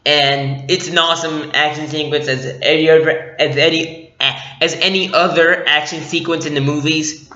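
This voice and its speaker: A young adult man giving a casual, excitable, chatty movie review and laughing often. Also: a little high, normal speed. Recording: echoey room, dull lo-fi sound.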